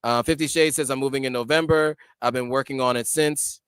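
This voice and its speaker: A middle-aged American man talks through viewer questions on a casual livestream, pausing often with ums and false starts. His voice is smooth and resonant, at a middle pitch. The sound is close and dry, with no room in it. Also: fairly even intonation, fairly bright tone, no echo. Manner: hesitant, many ums and restarts. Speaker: livestream host reading viewer comments.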